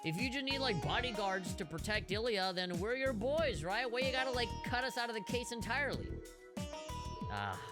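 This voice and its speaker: A woman's voice: on the high side, sing-song, normal speed. A woman streamer doing casual, profane, joking commentary while playing a game. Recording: loud game music behind.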